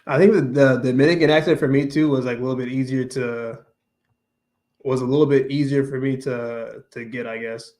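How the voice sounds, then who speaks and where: A man's voice: medium pitch, steady tone, a little fast, darkish tone. Rambling man chatting on a livestream. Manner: rambling, many restarts and fillers, mixing English and Spanish. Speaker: livestream host. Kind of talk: casual chat with viewers.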